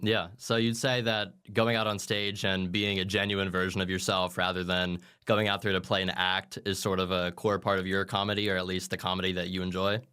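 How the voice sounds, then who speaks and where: A man interviewing a comedian, asking relaxed, playful questions. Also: sits low, fairly quick, few pauses, clean tone. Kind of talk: casual interview.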